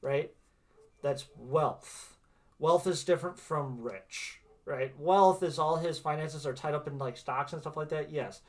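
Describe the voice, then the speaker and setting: This is a chatty man who hosts a tarot livestream. His voice sits a little high for a man, and his talk is casual and reassuring, with "right?" tacked onto his points. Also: measured pace. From Wisconsin, USA. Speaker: tarot reader and livestream host.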